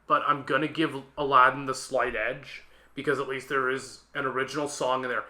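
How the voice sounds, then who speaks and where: A man's voice: mid-range voice, flat delivery, brisk, sharp tone. A young man co-hosting a podcast, talking about films in a blunt, profane way with emphatic outbursts. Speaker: podcast co-host. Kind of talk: casual film review chat.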